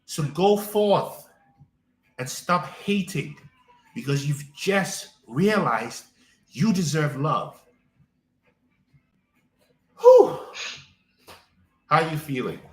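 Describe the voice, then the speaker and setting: Male life coach on a live stream, fairly high voice, roomy echo with faint music behind, repetitive and affirming. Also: lively intonation, slow. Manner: repetitive, affirming spiritual encouragement.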